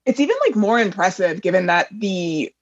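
A man's voice: high-pitched, lively intonation, normal speed. A man on a film podcast who explains production details in a casual way, recorded on a dull, lo-fi mic. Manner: explanatory, adds facts.

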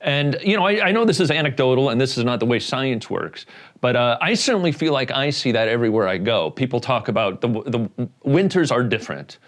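A man hosting a comedic interview, jokey and halting, full of restarts and fillers. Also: medium pitch, animated. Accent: Indiana. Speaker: comedian host.

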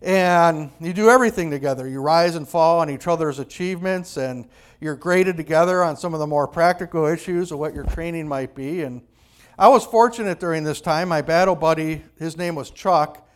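A man preaching, telling a personal story in an animated, conversational way with frequent restarts. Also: a little high, moderate pace, clear, resonant tone. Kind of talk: storytelling sermon.

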